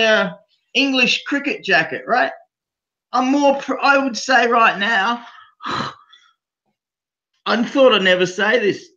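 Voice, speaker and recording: A man with an Australian accent, a brash, profane co-host in casual banter who laughs loudly. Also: high voice. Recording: dull lo-fi stream audio.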